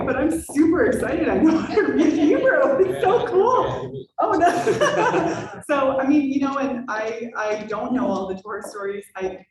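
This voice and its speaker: Earnest woman in a roomy hall. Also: medium pitch. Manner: earnest, laughs often, fillers. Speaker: panelist telling her conversion story. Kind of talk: personal testimony to an audience. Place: synagogue hall. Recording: roomy hall, distant mic, noisy.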